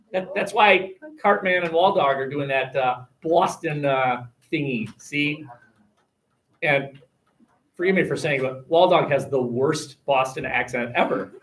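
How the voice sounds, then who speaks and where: A man's voice: on the high side, moderate pace, fairly bright tone. Wry, rambling male history teacher. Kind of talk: classroom lecture. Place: classroom. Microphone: webcam.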